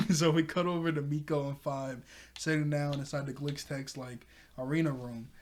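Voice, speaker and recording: Casual male reviewer, higher pitch, chatty, laughs mid-line, restarts a lot and jumps up when quoting characters. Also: steady tone, normal speed, darkish tone. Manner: restarts and self-corrections. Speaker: show reviewer.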